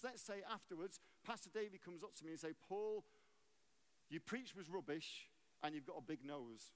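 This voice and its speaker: Guest preacher, a man with a high voice, conversational and playful with the congregation. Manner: conversational, jokey, asks the audience questions. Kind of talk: sermon.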